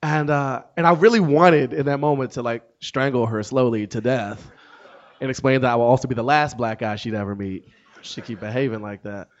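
A man in his thirties, a comedian and author, telling a story to an audience with wry, deadpan asides. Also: mid-range voice. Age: 30s. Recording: dull lo-fi sound.

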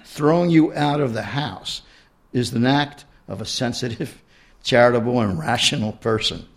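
Angry first lady, read by a man, blunt, snaps orders, bit of gravel in it. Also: medium pitch, normal speed, lightly acted. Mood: furious. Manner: blunt, forceful.

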